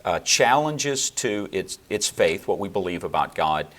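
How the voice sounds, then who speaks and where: A man with a very low voice explains church history and doctrine in a measured, lecturing way. He pauses with fillers and restarts as he thinks, building long explanations. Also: sing-song, fairly bright tone. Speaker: theologian guest. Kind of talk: explanatory interview answers.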